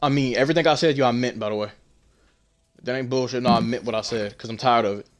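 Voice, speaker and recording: A man's voice: mid-range voice, fast. A young man hosting a podcast, telling the story of a family argument in a casual, emphatic way and swearing bluntly. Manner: emphatic, heated retelling of an argument. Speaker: podcast host.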